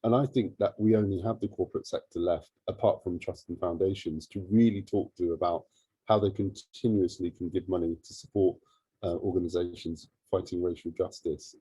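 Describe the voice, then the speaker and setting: A man who heads a charity tells a story in an interview, lively and acting out remembered dialogue. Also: low-pitched, breathy edge, dry recording, low-quality recording. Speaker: charity CEO.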